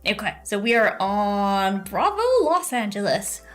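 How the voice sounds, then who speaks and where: A bubbly woman streaming a game talks casually to her chat and a teammate, full of fillers and laughter. Her voice sits at a middle pitch, and soft music plays faintly underneath. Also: animated, unhurried. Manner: chatty and bubbly, laughs often, many fillers. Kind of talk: casual live-stream chat while gaming.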